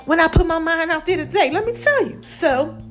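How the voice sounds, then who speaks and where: Breathless woman vlogger, bright high pitch, lively direct-address chat over soft background music. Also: fairly quick. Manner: chatty and animated, addresses viewers directly. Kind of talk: casual talk to camera.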